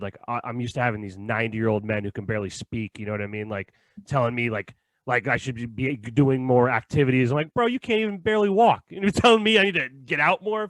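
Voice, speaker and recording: A man's voice: medium pitch, a bit bright, dry recording. Casual young man telling a story. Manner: storytelling, laughs often, acts out quotes. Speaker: podcast co-host. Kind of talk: casual chat.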